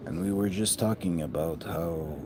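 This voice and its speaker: A man's voice: deep voice, normal speed. A man talking in a rambling, profane monologue that often trails off mid-thought. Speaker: vlogger. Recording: noticeable background noise.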